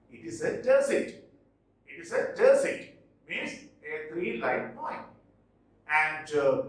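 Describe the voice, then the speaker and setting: Slow, emphatic male lecturer in an echoey room. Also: on the high side, a bit bright. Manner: slow, explanatory, repeats key points, emphatic stresses. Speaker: English literature teacher. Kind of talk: recorded lecture. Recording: very echoey room, mic at a distance.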